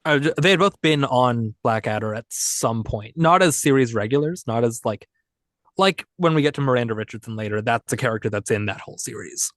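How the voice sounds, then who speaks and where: A man co-hosts a podcast, rambling and joking through casual, chatty talk. His mid-range voice has lively intonation and a fairly quick pace, recorded with clean studio sound and no echo.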